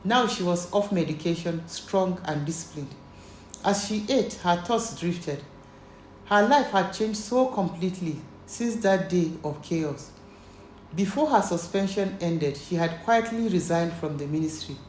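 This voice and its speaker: A woman giving calm, scripted narration of a story. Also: fairly low pitch, a little slow. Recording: echoey room, faint noise.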